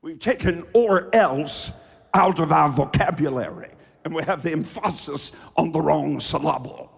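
A man preaches from the pulpit with a fiery, call-and-response delivery. His voice sits high and he takes his time, swinging from low asides to shouted refrains. The sound rings out with the long reverb of a large church hall. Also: measured pace, vocal fry, breathy edge. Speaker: pastor. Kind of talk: sermon.

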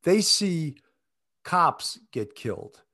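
A man's voice: a little high, big pitch swings, very slow, pushed and bright. A man hosting a true crime interview show, thanking viewers and asking his guest questions in a casual way. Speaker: podcast host. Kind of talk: interview talk.

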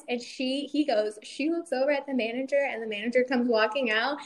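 A young woman with a slightly high voice tells a story in casual chat. She acts out each quoted line with lively swings in tone and laughs often. She speaks as a military spouse swapping stories. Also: brisk.

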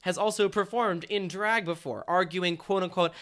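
A man co-hosting a podcast, chatting in an animated way with drag slang and frequent laughs. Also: sits high, moderate pace, hardly any pauses. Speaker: podcast co-host. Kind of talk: casual chat.

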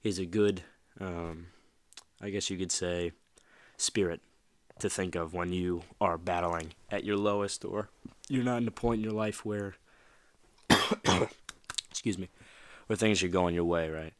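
A man's voice: deep voice, steady tone, unhurried, long pauses. A man hosting a motivational podcast, talking casually and rambling, addressing the listener directly. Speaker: podcast host.

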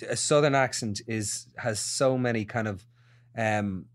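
A man's voice: lowish voice, measured pace. A man with an Irish accent, a guest actor thinking aloud in a casual podcast interview. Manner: reflective, searching for words.

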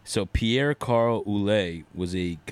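A man on a sports talk show reading out facts he looked up, a bit halting. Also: lowish voice, clean tone. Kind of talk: casual sports chat.

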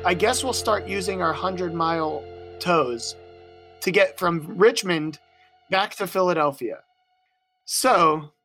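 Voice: medium pitch, fairly bright tone, no room sound. A young adult touring musician casually telling a road story, wry and profane, acting out the other people's voices.

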